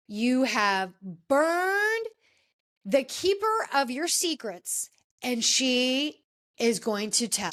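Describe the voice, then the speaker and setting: In a casual podcast chat, a female host recaps events with emphasis and indignation, calling people out by name. Her voice sits high and sounds fairly bright.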